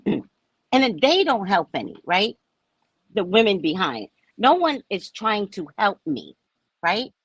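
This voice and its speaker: A woman telling a story casually to her viewers, animated and swearing, often checking in with "right?". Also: mid-range voice, slightly rough, dry recording, low-quality recording. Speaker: vlogger, spiritual reader.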